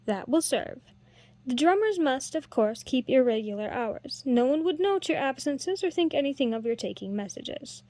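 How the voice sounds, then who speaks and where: A wise older master harper, measured and kindly yet firm, as a woman reads him in a storybook. The voice sits high and the recording is dry and close. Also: animated, mellow, no echo.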